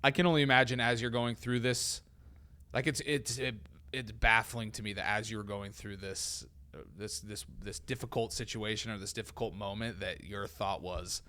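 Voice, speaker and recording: A man's voice: fairly low pitch, fairly even intonation, normal speed. A man co-hosting a podcast, chatting casually and praising his partner effusively. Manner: warm affirming, effusive praise. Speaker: podcast co-host.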